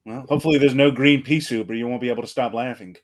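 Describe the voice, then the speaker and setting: A man's voice: mid-range voice, steady tone, rapid-fire. A man hosting an interview on a video call, asking questions and giving brief, encouraging replies. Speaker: interviewer host. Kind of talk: casual interview.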